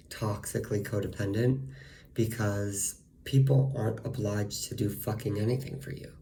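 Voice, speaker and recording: A man with a low, gravelly, mellow voice rants in a casual vlog monologue. He swears freely and leans on fillers as he vents. A faint hiss sits under the recording. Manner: profane, ranting, frequent fillers. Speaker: vlogger.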